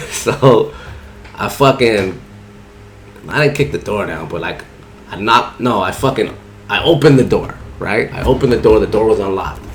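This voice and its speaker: A man's voice: on the low side, a little slow, slight background noise. A man casually telling a rambling, profane story in heavy slang, often saying "you know what I'm saying". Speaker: barber telling a story on a podcast.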